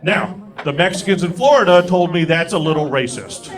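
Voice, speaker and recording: A young man doing a stand-up set on a comedy club stage with an animated, self-mocking delivery. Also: on the high side, brisk. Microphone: stage mic. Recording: live club recording with crowd. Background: audience laughter.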